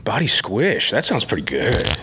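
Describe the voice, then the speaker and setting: Brief: male guest, joking and deadpan, lively pitch. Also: normal speed, slight background noise. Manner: joking, deadpan sarcastic asides. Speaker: guest, actor and singer. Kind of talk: casual chat.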